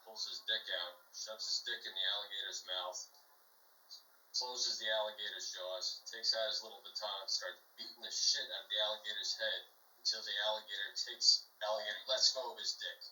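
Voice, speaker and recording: A man's voice: on the low side, fairly even intonation, normal speed, bright, forceful tone, echoey room, far from the mic, low-quality recording. A man telling a long military joke casually on a video call podcast, rambling with fillers. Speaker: podcast guest or co-host.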